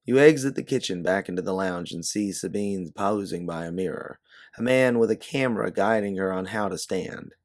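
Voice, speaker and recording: A man narrating a second-person audiobook story in a steady, measured way. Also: sits low, no echo, clean studio sound.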